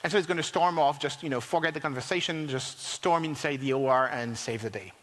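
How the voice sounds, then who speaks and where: Animated man giving a talk in a hall. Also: a little high, brisk. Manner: animated, many fillers and restarts. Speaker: conference speaker. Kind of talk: tech conference talk. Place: large conference hall.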